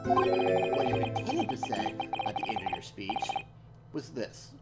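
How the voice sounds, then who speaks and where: A woman's voice: rumbling low, wildly swooping pitch, unhurried. A woman live-streaming as she reads game dialogue aloud, theatrical and switching between character voices. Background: loud music.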